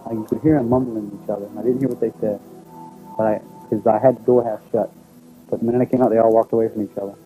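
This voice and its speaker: Middle-aged man, dark mellow tone, rambling folksy storyteller, faint music underneath. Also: lowish voice, fairly even intonation, fast, rough recording. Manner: rambling, folksy, quotes others aloud. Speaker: abduction witness. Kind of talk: first-person storytelling.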